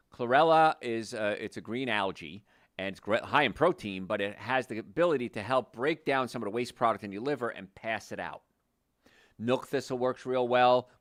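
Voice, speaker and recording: A man's voice: fairly low pitch, fairly bright tone, no room sound, clean studio sound. An older man, a chiropractor hosting a health show, explaining conversationally with restarts and stressed words. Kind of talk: health talk monologue.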